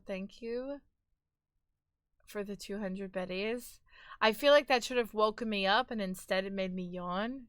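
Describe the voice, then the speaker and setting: Bright, playful woman streamer. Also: medium pitch, dry recording, studio quality. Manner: playful, teasing, mock-dramatic. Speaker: livestream host. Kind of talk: casual chat with viewers.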